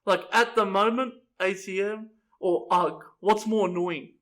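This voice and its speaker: A man's voice: sits high, fairly even intonation, unhurried, a bit bright. A young man, co-hosting a podcast, blunt and crude, laughing often. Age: young adult. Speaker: podcast co-host. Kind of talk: casual chat.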